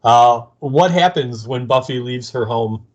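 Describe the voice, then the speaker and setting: Brief: male podcast co-host, easygoing and amused, average pitch. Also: a little slow. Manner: chatty, laughing easily, hesitant fillers. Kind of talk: casual episode recap.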